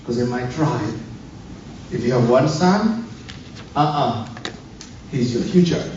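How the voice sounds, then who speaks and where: Animated preacher from Africa, echoey hall. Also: male voice, takes it slowly, a little hiss or hum. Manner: animated, acting out dialogue with swooping pitch. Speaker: guest preacher. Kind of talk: sermon storytelling. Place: church. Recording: echoey church hall, distant dull mic.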